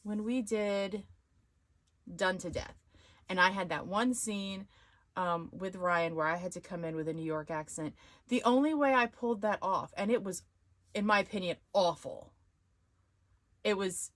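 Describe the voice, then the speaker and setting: A woman's voice: medium pitch, a little slow, long pauses, no echo. Chatty woman rambling on a live stream. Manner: chatty and rambling, thinks out loud. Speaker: live-stream host of a sewing channel. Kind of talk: casual live-stream chat.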